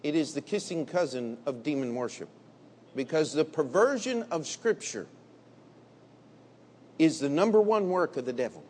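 A man preaching a sermon in a blunt, combative way, dropping to low murmurs and rising to loud emphatic bursts. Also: animated, normal speed, long pauses, a little hiss or hum. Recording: long hall reverb.

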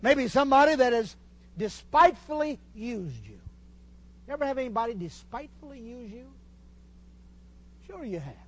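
An older man preaching a folksy sermon in a church, teasing his congregation and pausing to restart his sentences. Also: extremely high pitch, big pitch swings. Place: church hall.

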